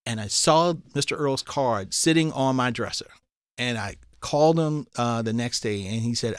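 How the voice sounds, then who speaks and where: Animated storytelling man in a dry studio. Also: mid-range voice, normal speed, clear, resonant tone, dry recording. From South Carolina, US. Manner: animated storyteller who acts out quoted voices. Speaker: political candidate, guest. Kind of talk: casual interview storytelling. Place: radio studio. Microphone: studio microphone.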